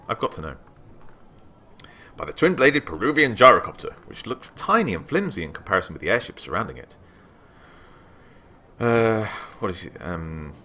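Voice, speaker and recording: A man hosting a let's play, reading game text aloud with excited asides. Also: deep voice.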